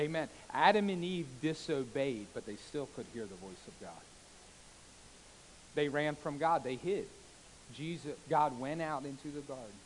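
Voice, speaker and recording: A man preaching a sermon as a pastor, swinging between loud exclamations and hushed soft passages, with calls of amen and hallelujah. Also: fairly high pitch, animated, unhurried, slight background noise, poor audio. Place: church sanctuary.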